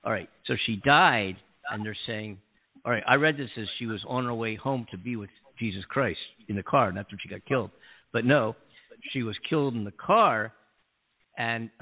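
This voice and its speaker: Radio co-host, male, husky and gravelly, chuckles and thinks aloud. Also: on the low side. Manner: chuckles often, thinks aloud while reading. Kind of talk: casual radio chat, reading news aloud. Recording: tinny phone-line sound.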